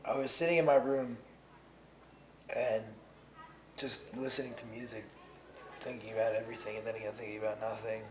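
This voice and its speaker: Man ranting over loud music. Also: mid-range voice, moderate pace, pauses often, reverberant. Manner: conversational, rambling storytelling. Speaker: spoken-word performer. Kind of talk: spoken-word rant over music.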